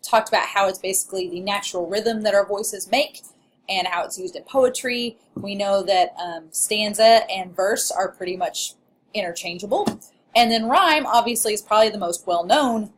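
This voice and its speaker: A woman's voice: medium pitch, moderate pace, a little hiss or hum. Chatty woman lecturing on poetry. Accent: Southern Illinois. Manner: chatty, laughs often, playful asides. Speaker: college English instructor. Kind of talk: recorded lecture.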